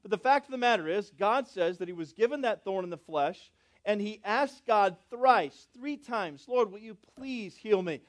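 A man with a notably high voice preaches to his congregation, surging into loud, stretched-out words and then dropping to soft, low asides. He keeps calling on his listeners with questions and asks them to say lines with him. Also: animated, moderate pace. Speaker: pastor. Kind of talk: sermon.

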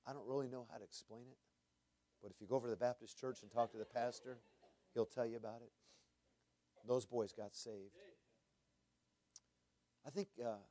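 A man preaching from the pulpit with earnest feeling. His voice sits at a middle pitch and sounds close and dry. He often repeats his words and drops from loud to hushed. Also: no echo. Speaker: pastor. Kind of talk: sermon storytelling.

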